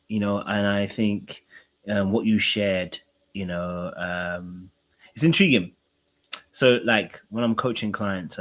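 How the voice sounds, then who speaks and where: Low-voiced man, earnest podcast host. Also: a bit bright. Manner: earnest, open, emotional sharing with many fillers. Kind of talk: podcast interview.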